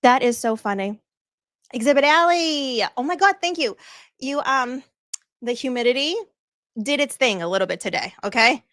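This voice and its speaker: A woman's voice: on the high side, expressive, normal speed, a bit bright, dry recording, studio quality. A woman with a Boston accent hosting a casual livestream, bubbly and effusive as she thanks viewers and laughs often. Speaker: livestream host. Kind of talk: casual live-stream chat thanking viewers.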